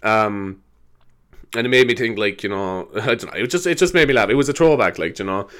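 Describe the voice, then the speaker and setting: Irish man, podcast host, casual monologue, animated pitch, rambling, laughs a lot. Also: brisk. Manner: rambling, laughing, slipping into silly voices.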